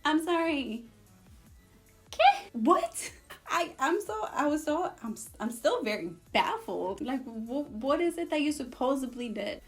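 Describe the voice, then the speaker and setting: Sassy high-voiced woman. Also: normal speed, few pauses, soft background music. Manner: sassy, animated, switches between English and Spanish. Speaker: vlogger. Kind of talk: storytime vlog.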